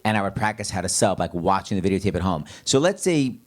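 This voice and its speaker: A man's voice: deep voice, quick pace. A man hosting a live stage interview, telling comic stories with lots of laughter and acting out quotes. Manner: animated, laughing, acts out quotes in big voices. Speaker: talk show host.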